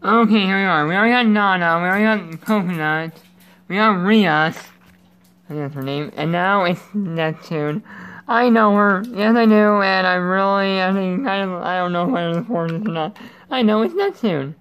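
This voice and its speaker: A man's voice: high-pitched, normal speed, a bit bright, clean tone. A man hosting his gaming channel with casual let's-play commentary, rambling and goofy, breaking off mid-thought. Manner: rambling, self-interrupting, goofy.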